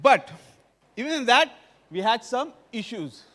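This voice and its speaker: Indian man, conference speaker, high voice, keeps checking the crowd follows, hall reverb. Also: sing-song, unhurried, fairly bright tone. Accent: Indian English. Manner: engaging, quizzes the audience often. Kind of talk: technical conference talk.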